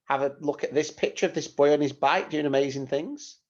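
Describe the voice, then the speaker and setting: Here a primary school teacher with a somewhat high, brisk male voice records a lesson for young children. He's patient and clear in his instructions, peppering the explanation with rhetorical questions, and the audio is dull and lo-fi.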